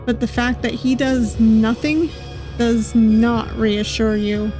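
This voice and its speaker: A woman's voice: fairly high pitch, steady tone, slow pace, dark tone, faint music behind. A woman streamer reading a visual novel game aloud, with casual, wry asides between the narration. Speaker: VTuber gaming streamer.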